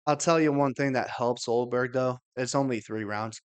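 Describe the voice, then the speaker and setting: A man with a smooth, resonant voice at a middle pitch co-hosts a casual fight-picks podcast. He is measured and agreeable as he lays out his analysis. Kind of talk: casual sports chat.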